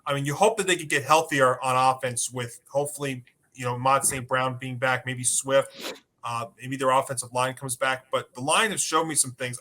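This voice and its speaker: Bright-voiced man talking through his reasoning. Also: medium pitch. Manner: talks through reasoning in long run-on stretches. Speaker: podcast guest. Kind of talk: casual sports analysis.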